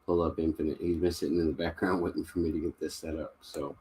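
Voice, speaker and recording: A young man from Kentucky hosting a casual live stream from home, chatting loosely with plenty of fillers and quick laughs. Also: very deep voice, flat delivery, warm tone, a little hiss or hum. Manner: easygoing, rambling with frequent fillers and laughs. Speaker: livestream host.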